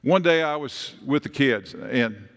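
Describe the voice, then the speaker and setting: Animated preacher with long reverb. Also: male voice, medium pitch, measured pace, vocal fry. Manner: animated, with emphatic rises and storytelling asides. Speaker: pastor. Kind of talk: sermon.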